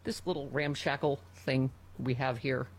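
A woman's voice: very deep voice, steady tone, moderate pace, husky. A middle-aged woman hosting a talk radio show, telling a personal story in a casual, emotional way and reading ads.

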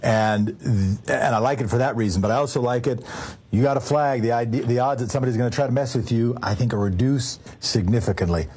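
A man hosts a call-in radio show, his voice a little husky. He speaks earnestly and leans into his points, often restarting a phrase to make it land. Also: mid-range voice, quick pace, darkish tone. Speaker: radio talk show host.

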